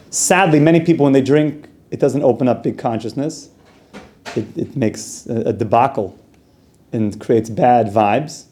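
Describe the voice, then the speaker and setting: Mellow-voiced man teaching a Torah class. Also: mid-range voice. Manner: casual, conversational, with Hebrew and Yiddish terms. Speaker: yeshiva teacher.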